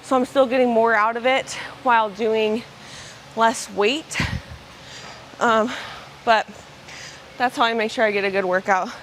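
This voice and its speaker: Slightly high-pitched and fairly even in intonation, this young woman talks a little slowly with long pauses as she vlogs her gym workout. She's chatty and casual, dropping "like" and "bro" constantly, and the audio carries a little hiss or hum.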